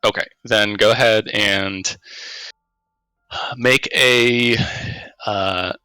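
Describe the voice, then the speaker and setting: A man running a tabletop game as game master, narrating at an unhurried pace with frequent hesitations. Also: lowish voice, steady tone, sharp tone, clean tone, no room sound, poor audio.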